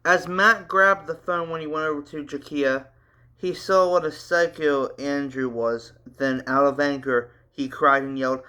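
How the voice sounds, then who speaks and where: Male host, reading a story aloud, slow pace, bright voice, casual asides. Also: a little high, steady tone, smooth. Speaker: channel host, story reader.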